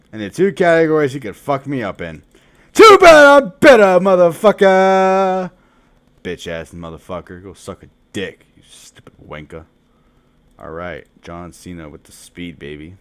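A young man streaming a mobile card game, commenting live with profane trash talk, dropping to mumbles and then shouting at opponents. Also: sits low, normal speed.

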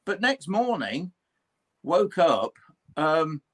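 Very animated yet extremely slow, a somewhat high, fairly bright, husky male voice belongs to an older Englishman who investigates the paranormal and studies history. Interviewed, he shares a personal ghost story, performing the people's voices with the odd mild curse.

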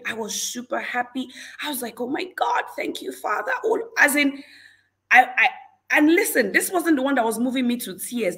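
A woman hosting a livestream, giving an animated, exclamatory faith talk and greeting viewers in the chat. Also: fairly high pitch. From Nigeria. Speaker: livestream host.

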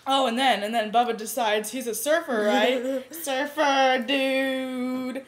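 A woman vlogger telling a rambling, animated story in casual chat with a friend. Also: fairly high pitch. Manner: rambling animated storytelling, bursts of fast talk.

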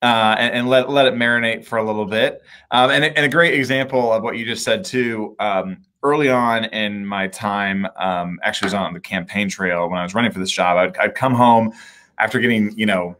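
A man's voice: fairly low pitch, fairly even intonation, normal speed, fairly bright tone. A man from Indiana hosting a video-call conversation, talking casually and candidly with fillers and restarts. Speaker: mayor, show host.

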